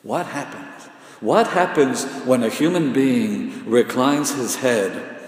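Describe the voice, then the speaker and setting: A man preaching a sermon in a slow, repetitive cadence with dramatic pauses, often sinking to a hushed intensity. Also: medium pitch. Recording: echoey hall with long reverb.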